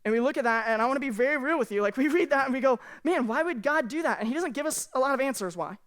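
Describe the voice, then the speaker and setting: A woman's voice: sits high, animated, rapid-fire. Woman pastor, sermon, candid, conversational, speaking from a stage. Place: church stage.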